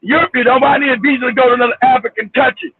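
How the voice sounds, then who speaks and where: A man hosting a casual livestream from his car, ranting loudly and profanely, laughing and shouting as he tells a story. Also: extremely high pitch, fairly even intonation, rapid-fire, breathy edge, dry recording. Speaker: show host. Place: car, driving. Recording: tinny phone line with faint hiss.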